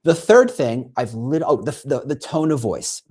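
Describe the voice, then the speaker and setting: Lively husky man explaining with acted-out quotes. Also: medium pitch, a little slow. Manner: lively, acts out quoted prompts and reactions. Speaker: guest, recruiting consultant. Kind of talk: animated conversational explanation.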